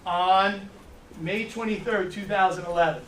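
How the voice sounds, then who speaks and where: New male trainer, animated storyteller, high pitch, distant roomy sound with faint ambience. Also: a little fast, slight background noise. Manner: animated storytelling, repeats words. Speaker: financial services trainer. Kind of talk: training talk to a room. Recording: echoey room from far off.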